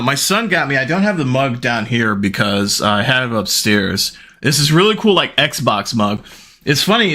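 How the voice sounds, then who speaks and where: A middle-aged man chatting casually on his stream, telling stories in an animated, rambling way. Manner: animated, rambling storytelling with big pitch jumps and laughs.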